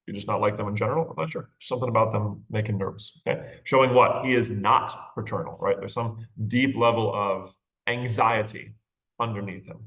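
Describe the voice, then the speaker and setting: Fairly low and fairly bright, his voice moves a little fast with fairly even intonation. He's a male literature teacher giving a casual recorded lecture on a short story, conversationally asking "right?" and "okay?" and adding light laughs.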